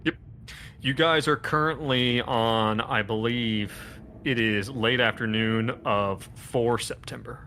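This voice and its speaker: A man's voice: medium pitch, steady tone, slow, pushed and bright, slight background noise. A man running a tabletop horror game as game master, narrating in a loose, rambling way with many fillers.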